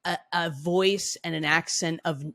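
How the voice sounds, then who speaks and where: A woman co-hosting a podcast, telling stories casually with lively restarts and frequent laughs. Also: on the low side, a little slow, creaky. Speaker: podcast co-host. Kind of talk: casual conversational storytelling.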